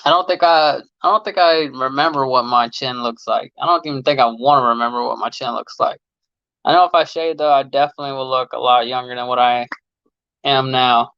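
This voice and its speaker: Fairly quick and medium-pitched, with a clear, resonant tone, a late-thirties mechanic reads out viewer comments on a casual livestream, chatting loosely in slang and laughing often. His phone captures dull audio with no room sound.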